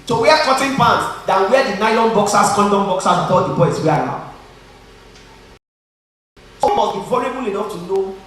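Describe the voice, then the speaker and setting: A Nigerian-accented man delivers a motivational talk at a conference, swinging between jokes and earnest moments for a live audience. His voice is very high-pitched and fairly bright. He is picked up from far off in a large, echoey hall, with a little hiss or hum.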